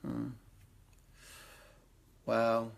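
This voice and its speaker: A man hosting a live stream, giving psychic readings in a rambling, conversational way with lots of fillers. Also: extremely slow. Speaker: psychic medium host.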